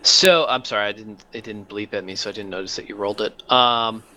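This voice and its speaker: A man narrating as game master, talking in a halting way with many fillers. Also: lowish voice, steady tone, sharp tone.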